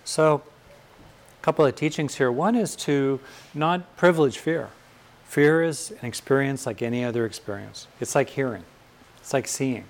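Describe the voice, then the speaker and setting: With a mid-range voice, an older man from California talks reflectively about courage and fear. He pauses frequently and lets his emphasis rise on the key ideas.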